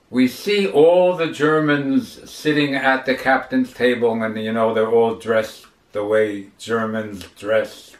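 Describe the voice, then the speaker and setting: A rabbi lecturing, telling a story with dramatic emphasis. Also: male voice, medium pitch. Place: lecture hall. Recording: roomy lecture hall, distant mic.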